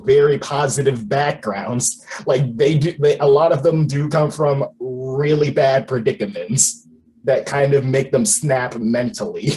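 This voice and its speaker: A man chatting casually about a movie he reviewed, animated and laughing often as he acts out lines. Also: mid-range voice, measured pace, poor audio. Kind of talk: casual chat.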